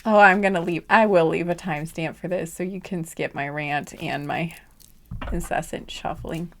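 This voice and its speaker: A woman's voice: lowish voice, fairly even intonation, normal speed, a bit bright, slight background noise. Chatty, rambling woman tarot reader. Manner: rambling, laughing, sassy asides; drops to whispers at times. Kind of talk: casual chatty monologue.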